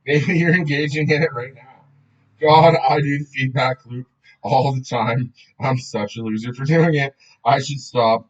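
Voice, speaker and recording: A man's voice: medium pitch, steady tone, unhurried, lo-fi sound. A man reading a book aloud in a casual way, often breaking off to joke, swear and laugh.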